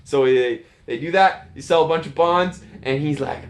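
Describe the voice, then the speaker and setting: A man's voice: mid-range voice, moderate pace, roomy sound, slight background noise. A man giving a casual, laughing recap of a movie's plot, slipping into goofy voices for the characters.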